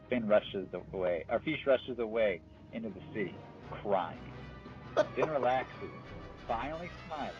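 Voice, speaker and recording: A man narrating a playful story over gameplay, animated and amused, with chatty asides. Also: fairly low pitch, measured pace. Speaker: gaming storyteller. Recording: dull, muffled recording with faint music.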